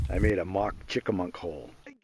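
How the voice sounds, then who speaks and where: This channel host has a low, darkish voice. He's a homesteader filming an off-grid vlog outdoors among the trees, keeping things casual and folksy and leaning on plenty of country sayings.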